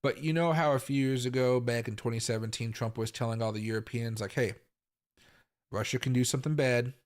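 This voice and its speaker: A man's voice: medium pitch, fairly even intonation, fairly quick. Rambling, opinionated man hosting a livestream. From Tacoma, Washington, US. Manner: rambling and opinionated, with fillers, repeats and sudden loud outbursts. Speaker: crypto market livestream host. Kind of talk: casual live commentary.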